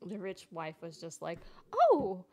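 A woman co-hosting a casual panel chat, a chatty storyteller who fires off animated questions. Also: mid-range voice, moderate pace. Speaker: co-host.

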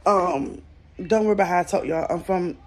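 A woman's voice: fairly low pitch, a little fast, a little mellow. Chatty Southern woman vlogging from bed. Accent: Southern American. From Southern United States. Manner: chatty, blunt, swears freely. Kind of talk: casual vlog chat. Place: at home, in bed.

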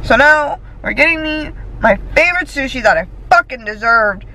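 A woman's voice: high-pitched, animated, moderate pace, sharp tone, slight background noise, rough recording. A young woman vlogging casually to camera, talking candidly and chattily and swearing freely. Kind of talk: casual vlog talk to camera.

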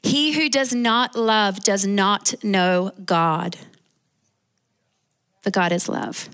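A woman's voice: mid-range voice, very slow, a bit bright, clean tone. A woman with an Australian accent preaching a sermon as pastor, calling out for amens from the congregation. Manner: preaching with call-and-response amens.

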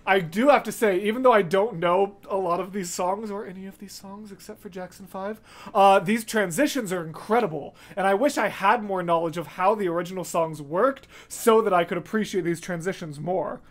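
A reaction video host giving casual, excitable commentary, gushing and chatty with fillers, scatting rhythms to make points. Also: mid-range voice, brisk. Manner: scats rhythms to illustrate points.

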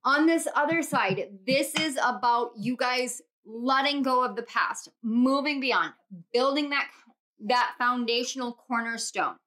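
A young woman giving a casual tarot reading to viewers, bubbly and gushing, often breaking into laughter and excited squeals. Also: on the high side, a little slow. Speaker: tarot reader.

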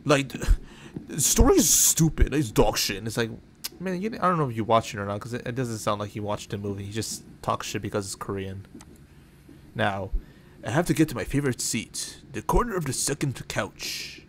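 A man's voice: on the low side, lively intonation, brisk, fairly bright tone, a little hiss or hum. A man giving casual, profane, rambling commentary while playing a horror game. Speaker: gaming channel host. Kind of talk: casual let's-play commentary.

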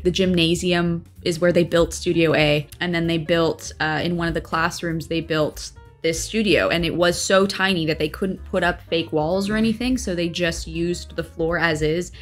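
A young adult woman, an actor, casually talking through a reaction to her old show in a rambling way and often correcting herself. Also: on the low side. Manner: rambling, chatty, with frequent self-corrections.

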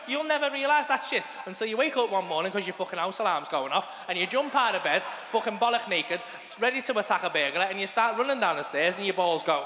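A man's voice: sits high, expressive, quick pace, hardly any pauses, sharp tone, a little hiss or hum. A man doing a sweary stand-up routine on a comedy club stage, bantering with the crowd. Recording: live club room with reverb and faint ambience.

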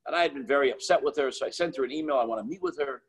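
A middle-aged man, a rabbi, telling stories in an animated way, with many restarts and quoted dialogue. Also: medium pitch, very fast, breathy edge, poor audio. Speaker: Chabad rabbi and author. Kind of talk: storytelling talk.

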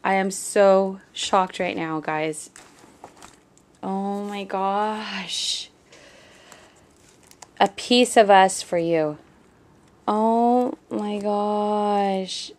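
This crafting vlogger, a young adult woman, speaks extremely slowly and pauses often in a medium-pitched voice. Unboxing a gift, she gushes to viewers as "guys" and repeats "oh my gosh" over her surprise.

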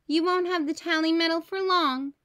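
A woman's voice: very high voice, steady tone, normal speed, a bit bright, voice pushed up. A woman voicing a boastful, competitive young boy in a storybook read-aloud, raised and teasing. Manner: bragging, teasing.

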